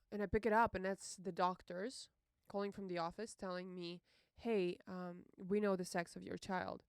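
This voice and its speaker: A young woman hosting a podcast, telling a personal story in an emotional, halting way, with many fillers and curses. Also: medium pitch, clear, resonant tone, dry recording, clean studio sound. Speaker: podcast host.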